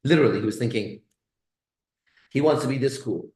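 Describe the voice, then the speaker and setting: A man hosting a casual live stream, boastful and profane, with his voice swinging between low mutters and loud bursts. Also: brisk, reverberant, rough recording. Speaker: pickup coach host. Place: kitchen.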